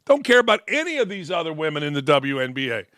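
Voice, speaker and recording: Blunt, sarcastic sports talk host, high bright voice. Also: male voice, very animated, fast talker, no room sound, clean studio sound. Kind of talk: opinionated sports talk commentary.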